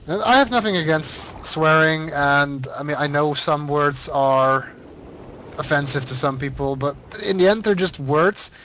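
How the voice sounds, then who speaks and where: A man's voice: fairly high pitch, a little slow, sharp tone. A man with a Dutch accent chatting casually while playing a game on stream, rambling and easily distracted. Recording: dull lo-fi sound with faint hiss.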